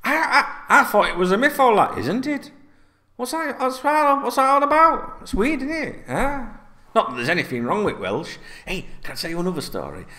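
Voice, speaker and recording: A man's voice: high voice, sing-song, moderate pace, bright, forceful tone. A middle-aged man, chatting casually as a football fan host, rambling and swearing freely.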